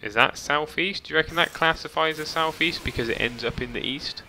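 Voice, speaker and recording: A man's voice: on the high side, a little fast, pushed and bright. A man chatting casually as he streams a game, reading chat and swearing lightly, with faint game music behind. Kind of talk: casual gameplay commentary.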